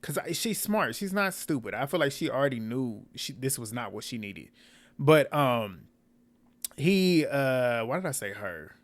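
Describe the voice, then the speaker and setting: Male YouTube recapper, casual and outspoken, mid-pitched everyday voice. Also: a little slow. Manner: blunt, animated, swears and laughs often. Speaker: reality TV recap host.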